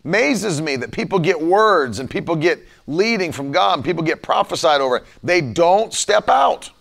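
A man's voice: fairly high pitch, expressive, a little fast, gravelly, fairly bright tone. A man preaching a livestreamed sermon, fervently repeating lines with rising emphasis.

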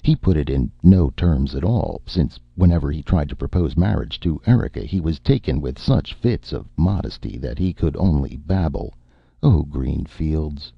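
Very deep, gravelly male narrator. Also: lively intonation, moderate pace, hardly any pauses, no room sound. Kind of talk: audiobook narration. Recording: dull lo-fi, dry.

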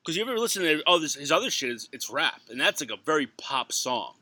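Joking chatty man, very bright voice. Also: fairly high pitch, big pitch swings, fast talker, dry recording. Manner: chatty, joking, laughs while talking. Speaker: podcast co-host. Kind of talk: casual chat.

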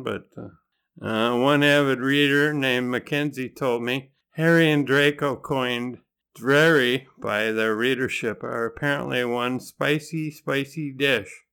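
A man's voice: medium pitch, slow pace, a bit bright, clean tone. A man hosting a podcast, narrating in a conversational way with dry, wry humor. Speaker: podcast host.

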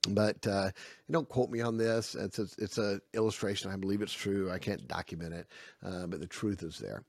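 A man giving a spoken Bible lesson to parents. He is animated and acts out the dialogue in his stories. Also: low-pitched, normal speed, gravelly, dry recording, studio quality. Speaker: family Bible teacher.

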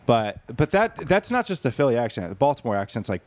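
A man's voice: medium pitch, big pitch swings, fast, a little hiss or hum. A man chatting casually on a podcast, joking and swearing, from Pennsylvania. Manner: profane, joking, does voices mid-story. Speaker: podcast co-host. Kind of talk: casual chat.

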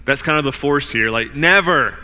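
A man's voice: medium pitch, lively intonation, normal speed, pushed and bright, long reverb tail. A man preaching a sermon in an emphatic, conversational way, often saying "like" and "you know".

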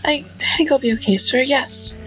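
A woman's voice: high-pitched, moderate pace, soft background music, pitched above the performer's own voice, lightly acted. A woman voicing a shy, watchful young girl who answers meekly and carefully. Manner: meek and careful.

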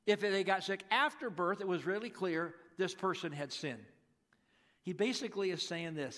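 A man's voice: high-pitched, moderate pace, a bit bright. A man preaching a sermon as pastor, in a conversational way, acting out the people in the story. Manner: conversational, acts out quotes animatedly.

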